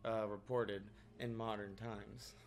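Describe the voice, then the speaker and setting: A man's voice: lowish voice, level tone, slow. A man co-hosting a casual podcast, joking, swearing and laughing a lot. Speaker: podcast co-host. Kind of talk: casual chat.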